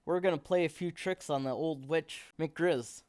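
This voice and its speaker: A man's voice: on the high side, measured pace, a little mellow, close to an everyday voice. Man reading a cocky bully cub bear, scheming, storybook read-aloud.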